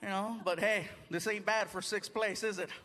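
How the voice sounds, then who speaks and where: High-voiced man doing stand-up. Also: normal speed. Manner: animated storytelling with bursts of put-on voices. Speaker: stand-up comedian. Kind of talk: stand-up comedy. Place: large theater stage before a live audience. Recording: live theater recording with loud crowd laughter.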